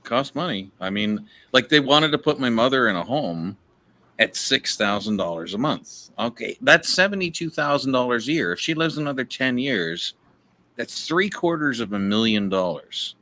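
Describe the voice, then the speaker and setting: A man's voice: mid-range voice, sing-song, moderate pace, sharp tone. A man in a casual livestream chat, speaking frankly and ruefully, with profanity.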